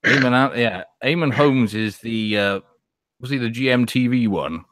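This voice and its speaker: A man's voice: mid-range voice, moderate pace, fairly bright tone, no echo, studio quality. A man hosting a casual podcast chat, teasing and sardonic, swearing freely. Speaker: host.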